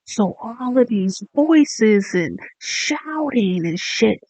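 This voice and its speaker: An online commentator delivering a mocking, profane rant that spins into a drawn-out, taunting made-up story. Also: mid-range voice, expressive, a little mellow, dry recording.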